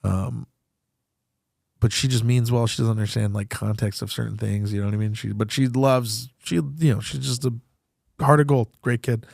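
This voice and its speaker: A man's voice: medium pitch, steady tone, moderate pace, gravelly, a little mellow, dry recording, studio quality. A young man, a comedian and podcast host, talking candidly and profanely about grief, rambling and laughing through it. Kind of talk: candid casual talk.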